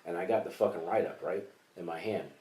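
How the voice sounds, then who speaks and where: A man co-hosting a comedy podcast, telling a story in a casual, animated way with plenty of swearing. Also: low voice, quick pace. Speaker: podcast co-host. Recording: echoey room, distant mic, faint hiss.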